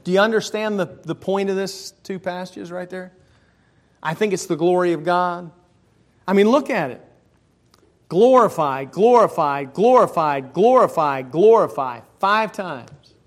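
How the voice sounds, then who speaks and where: A man preaching a sermon as a pastor in a church. He shifts between casual asides, personal stories and slower, louder scripture reading. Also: high-pitched. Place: church sanctuary.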